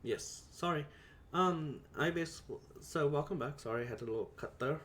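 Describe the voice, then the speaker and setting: A man's voice: on the high side, normal speed, fairly bright tone. A man hosting a let's play, giving rambling, self-deprecating commentary full of fillers. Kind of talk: casual game commentary.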